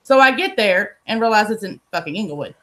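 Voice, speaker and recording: A woman's voice: mid-range voice, expressive, fast talker, fairly bright tone. A woman telling a story in a casual, blunt and profane way. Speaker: podcast host telling a story.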